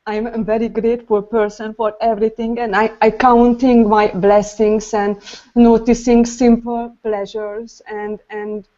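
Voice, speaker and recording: A woman sharing something personal in a group call, speaking in a halting, emotional way with pauses. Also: a little high, little pitch movement, dark tone. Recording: dull lo-fi sound.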